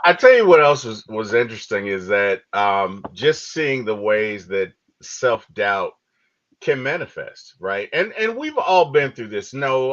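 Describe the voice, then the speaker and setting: A man co-hosting a podcast, chatting casually about a movie and telling stories with lively acted-out quotes. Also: lowish voice. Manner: animated storytelling, acts out quotes. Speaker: podcast co-host. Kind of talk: casual movie review chat. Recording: dull lo-fi audio.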